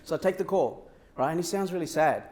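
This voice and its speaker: A man giving a motivational keynote on a conference stage, telling a story in a lively way and acting out the dialogue. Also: on the high side, fast. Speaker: keynote speaker.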